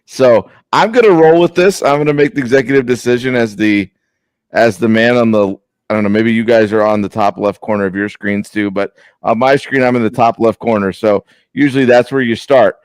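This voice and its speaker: A man's voice: medium pitch, fairly quick, dry recording. Man co-host, rambles and restarts, casual sports chat on a close, dry call mic. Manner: rambling, apologetic, restarts a lot. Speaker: podcast co-host. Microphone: remote video call.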